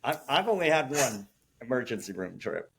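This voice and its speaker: Laid-back co-host, faint background noise. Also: male voice, mid-range voice, sing-song, moderate pace, creaky. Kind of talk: casual podcast interview.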